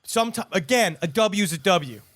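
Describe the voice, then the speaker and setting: Man, high voice, crude jokester, podcast co-host, dry close sound. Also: animated, moderate pace, a bit bright, no echo. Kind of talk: casual comedic chat.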